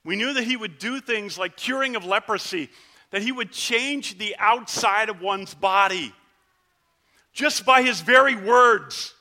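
In a first-person dramatic sermon, a man voices one of the ten lepers, telling the story earnestly and vividly. His high voice is unhurried and heavily acted, and he shouts the plea before dropping to a hush.

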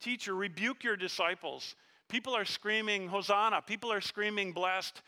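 A man's voice: sits high, normal speed, sharp tone, voice pushed up, exaggerated voice. A preacher voicing indignant male Pharisees who complain shrilly about the crowd's praise.

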